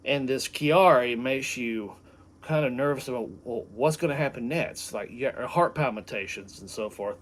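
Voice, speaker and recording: A man recording a rambling personal video diary at home, unwell and dizzy, full of restarts and tangents. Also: fairly high pitch. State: unwell and dizzy after vertigo. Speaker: vlogger recording a personal note. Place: at home, indoors.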